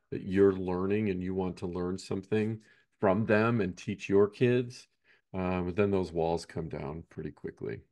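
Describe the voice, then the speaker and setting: A man's voice: low voice, a little mellow. A man, a basketball coach, chatting casually on a podcast, rambling and often ending points with "right?".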